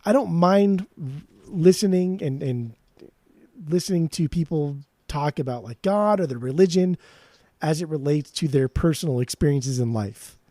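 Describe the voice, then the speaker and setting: A man co-hosts a casual music podcast, gushing and rambling with plenty of swearing. His voice sits a little high yet sounds warm and mellow. The sound is close and dry. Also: animated, normal speed, no echo. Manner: enthusiastic, rambling, swears freely. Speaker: podcast co-host. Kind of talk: casual chat about music.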